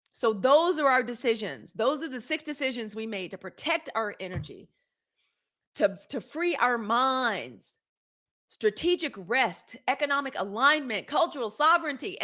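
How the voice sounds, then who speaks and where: A woman's voice: on the high side, animated, moderate pace, pushed and bright. Emphatic woman hosting a livestream. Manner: candid, emphatic, talks straight to her audience, swears then apologizes; greets viewers by name and thanks them for gifts. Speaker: host. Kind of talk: solo livestream commentary.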